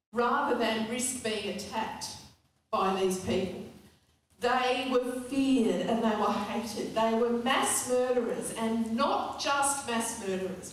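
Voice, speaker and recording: A woman preacher giving a sermon, earnest and questioning the congregation. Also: fairly high pitch. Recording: echoey hall, distant mic, faint noise.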